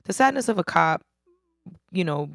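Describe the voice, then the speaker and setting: A woman's voice: on the low side, expressive, moderate pace, vocal fry, no echo, studio quality. A woman co-hosting a podcast in casual chat, earnest and chatty, steering the conversation. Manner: earnest and chatty, reins in the talk. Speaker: podcast co-host.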